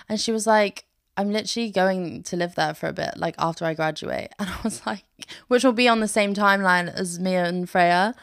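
A woman's voice: mid-range voice, fairly bright tone, clear, resonant tone, dry recording, clean studio sound. A young British woman in her twenties hosting a podcast, chatting in a rambling, bubbly way with lots of "like". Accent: British English. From Britain. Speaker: podcast host. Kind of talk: casual chatty monologue.

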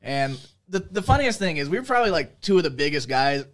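Young dude with a high voice, swearing a lot, telling a wild story to his buddies. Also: fairly quick. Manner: profane, animated storyteller acting out shouted quotes. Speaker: podcast co-host. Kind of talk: casual storytelling with friends.

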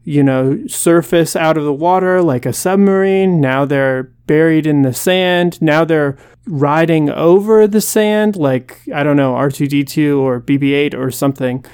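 Podcast co-host, even mid voice, reflective and chatty with small hesitations. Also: medium pitch, a little slow, hardly any pauses, clean tone. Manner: thoughtful, comparative, hesitant fillers. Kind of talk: casual chat.

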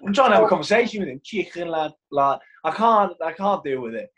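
His voice sits high, swings widely in pitch, and comes out fast, a bit bright, and husky: a young Icelandic goalkeeper with a London-tinged English accent. He chats in a casual interview, laughing and acting out quotes.

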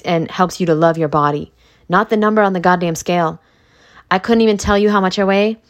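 A woman hosting a motivational podcast who talks in a blunt, emphatic, profane way. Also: fairly low pitch. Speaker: podcast host.

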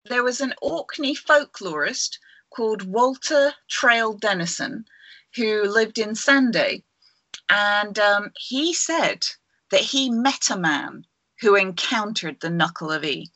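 A woman's voice: medium pitch, animated, takes it slowly, sharp tone, no echo. A woman podcast host reading a folk tale aloud from home over a video call, with small stumbles as she goes. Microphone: computer mic on a video call.

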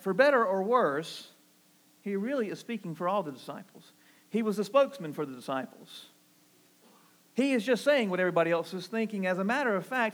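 Male pastor, Southern accent, sermon delivery, earnest, slightly high-pitched. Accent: Southern American. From American South. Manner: earnest preaching, rising emphatic on key phrases, dropping low and soft for quotes.

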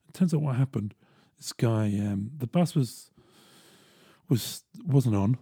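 A young man telling a personal story in a casual, animated way, swearing freely. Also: medium pitch, measured pace, husky, dry recording, clean studio sound. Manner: animated, swearing, chuckling asides.

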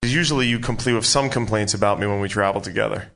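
A man's voice: fairly low pitch, fast, creaky, fairly bright tone. A man telling a rowdy story in casual chat, laughing as he goes.

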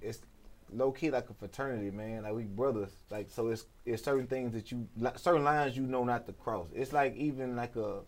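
A man guesting on a casual podcast chat, animated, laughing and restarting his sentences. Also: mid-range voice, brisk. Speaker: guest co-host.

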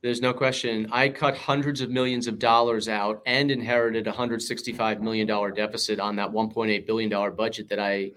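A man's voice: fairly low pitch, flat delivery, a little fast, few pauses, a bit bright. A man with a New York accent, a political candidate answering interview questions in punchy, emphatic campaign rhetoric.

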